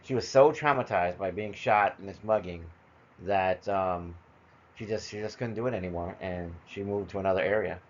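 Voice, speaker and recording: A middle-aged man telling personal stories in a loose, conversational way, full of fillers, heard as a dull lo-fi recording. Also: on the low side. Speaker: storyteller. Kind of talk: personal storytelling monologue.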